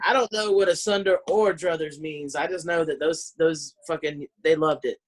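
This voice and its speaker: A woman's voice: low-pitched, steady tone, normal speed, few pauses. A woman with a Southern US accent doing a brash, profane stand-up set over a video call from home. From Southern United States. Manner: brash, ranting, profane, laughs between lines. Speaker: stand-up comedian. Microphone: computer mic on a video call.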